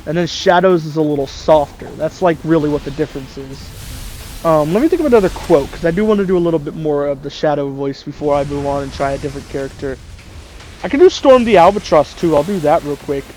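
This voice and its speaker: A man's voice: a little high, fast talker, a little mellow, faint music behind. Rambling man thinking aloud. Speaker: gaming video host. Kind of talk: casual chat about voice impressions.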